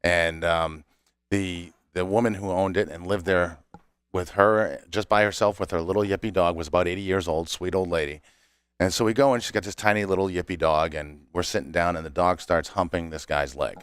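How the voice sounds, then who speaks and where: A man's voice: sits low, steady tone, a little fast, smooth, dry recording, clean studio sound. A man who runs a cigar company, a guest on a podcast, telling stories casually and laughing between lines. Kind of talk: casual storytelling chat.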